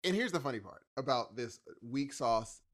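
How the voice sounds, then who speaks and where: A man's voice: mid-range voice, expressive, moderate pace. A man co-hosting a podcast, ranting in an exasperated, slangy way during casual chat. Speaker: podcast co-host.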